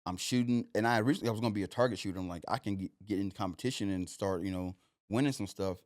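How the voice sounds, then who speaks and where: A young man talks in a loose, rambling way, leaning on "like" and "you know." His voice sits on the low side and sounds close and dry, with no room around it. He is a podcast guest telling his own story. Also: racing, dry recording. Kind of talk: casual storytelling.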